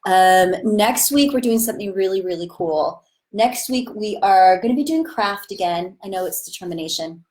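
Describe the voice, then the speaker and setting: A woman's voice: medium pitch, animated, moderate pace, a little mellow. A woman acting teacher giving an enthusiastic, chatty live-streamed lesson with a webcam-style mic. She talks in a casual way and breaks into sudden bursts when she demonstrates. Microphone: webcam or phone on a live stream.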